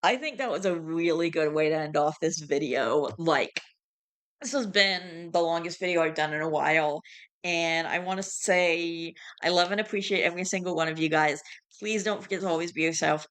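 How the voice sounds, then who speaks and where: A woman's voice: fairly low pitch, moderate pace, a bit bright. A woman hosting a channel where she reads posts aloud, with mock-solemn drama and chatty asides. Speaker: host reading online posts. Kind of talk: reading a post aloud to camera.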